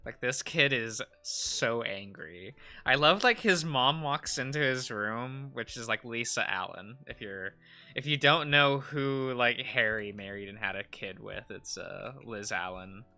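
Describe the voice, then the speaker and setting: A man's voice: medium pitch, measured pace, pushed and bright, soft background music. A male streamer chatting casually and rambling with frequent laughs while he draws.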